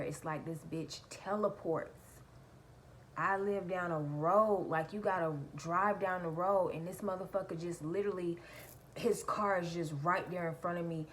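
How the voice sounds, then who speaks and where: Woman vlogger, lowish voice, animated storytelling with faint noise behind. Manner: animated, laughs while retelling, addresses viewers as y'all. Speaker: vlogger telling a personal story. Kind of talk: casual storytime vlog.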